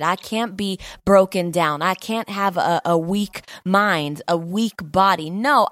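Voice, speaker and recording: A woman's voice: mid-range voice, no echo. Fervent woman preaching, dry sound. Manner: fervent, conversational, repetitive emphasis with many fillers. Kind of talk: sermon.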